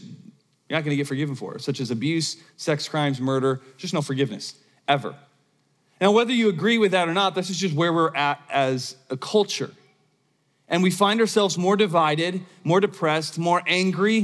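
In a church hall with a long, echoing reverb, a pastor from the United States delivers his sermon in a slightly high, fairly bright voice. He speaks conversationally, storytelling and often starting his sentences over.

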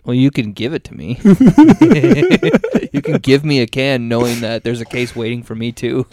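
A man co-hosting a beer podcast, trading quick jokes in casual chat. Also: medium pitch, little pitch movement. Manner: joking, quick banter. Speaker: podcast co-host.

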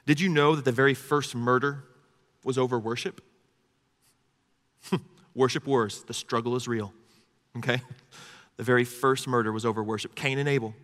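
A male preacher delivering a sermon in a conversational, easygoing way, with asides to his listeners. His voice is mid-pitched, bright and forceful. A long hall reverb trails behind every word.

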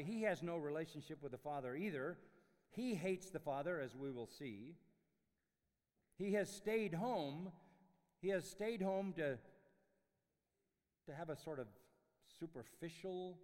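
Emphatic preaching man in a reverberant chapel. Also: fairly high pitch. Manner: emphatic preaching, sweeping from loud to hushed. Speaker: pastor. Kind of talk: sermon. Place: university chapel.

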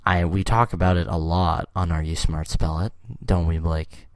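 A man's voice: low-pitched, little pitch movement, moderate pace, smooth, no echo. A young man hosting a podcast, chatting casually and rambling with jokes and laughs. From Canada. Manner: rambling, jokey, laughs often. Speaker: podcast host.

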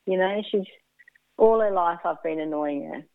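A woman's voice: lowish voice, moderate pace, clean tone, no echo. Woman on a tinny phone-like line. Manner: candid, laughs often, acts out quoted speech. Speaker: guest. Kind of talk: casual storytelling interview.

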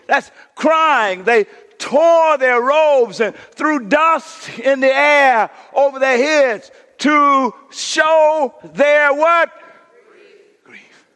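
A man preaching a sermon as pastor, calling the congregation to respond and dropping to a hush for emphasis. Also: extremely high pitch. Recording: long reverb in a church hall.

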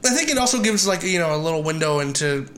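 A man's voice: on the high side, lively intonation, fast talker, fairly bright tone, slight background noise. A man co-hosting a podcast in casual chat, laid-back and full of fillers. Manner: laid-back, many fillers like "you know". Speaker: podcast co-host.

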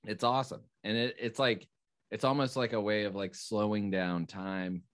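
A man's voice: lowish voice, level tone, moderate pace, dry recording, clean studio sound. A young man chatting casually on a podcast, musing loosely and trailing off into fillers. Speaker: podcast co-host. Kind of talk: casual chat.

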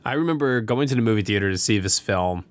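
A man's voice: lowish voice, expressive, fast talker, no echo. Man, podcast host, enthusiastic and gushing, dry close sound. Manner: enthusiastic, gushing, repeats himself. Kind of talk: casual film review chat.

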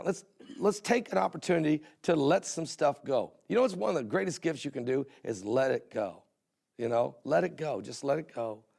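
A man's voice: on the high side, gravelly, darkish tone. A middle-aged man hosting a Christian television broadcast, telling folksy stories in a sermon style and repeating phrases for emphasis.

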